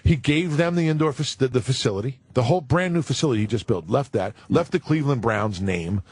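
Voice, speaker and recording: A man talks fast in a dry radio studio, spinning a story about his playing days. He keeps falling back on "you know" and acts out the other people's lines in his own voice. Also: medium pitch, expressive, darkish tone, slightly rough, no room sound. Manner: lots of "you know" fillers. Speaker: guest, former football player. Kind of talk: casual radio studio talk.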